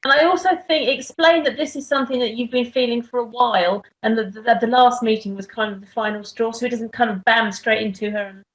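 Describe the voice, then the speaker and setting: A woman's voice: on the high side, steady tone, fairly quick, hardly any pauses, poor audio. A woman taking part in a workshop who offers thoughtful, tentative suggestions on a video call. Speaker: workshop participant. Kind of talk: giving coaching feedback.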